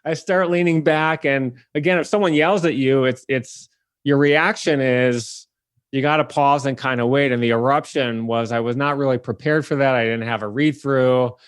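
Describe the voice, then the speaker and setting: A man from the Detroit area hosting a podcast and telling a lively story, acting out the people in it. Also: medium pitch, normal speed, smooth, no room sound. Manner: animated, acts out the people in his story. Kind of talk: casual storytelling.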